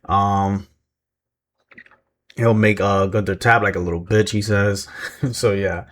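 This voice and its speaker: A man with a slightly low voice talks through a recap in a loose, rambling way. He fills gaps with "uh" and "um", chuckles often and pokes fun at himself. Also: steady tone, slow pace. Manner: rambling, self-deprecating, many fillers and chuckles. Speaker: wrestling recap vlogger. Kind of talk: casual recap commentary.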